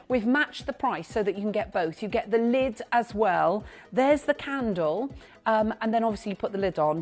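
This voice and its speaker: Woman, TV shopping presenter, chatty, gushing, slight throat clearing, faint music. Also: mid-range voice. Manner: chatty, gushing, reads out buyers' names. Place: TV studio.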